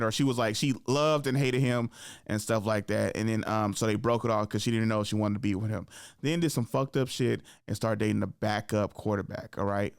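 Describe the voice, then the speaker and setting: Animated podcast host man, dry close mic. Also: fairly low pitch, smooth, no room sound. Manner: animated, laughing, worked-up rants; conversational storyteller. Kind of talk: casual podcast chat.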